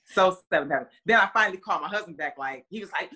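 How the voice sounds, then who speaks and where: A woman's voice: lowish voice, animated, racing, pushed and bright. A middle-aged woman, a football player's mother, chatting casually as a podcast guest and acting out quotes with lots of fillers. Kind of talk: casual storytelling.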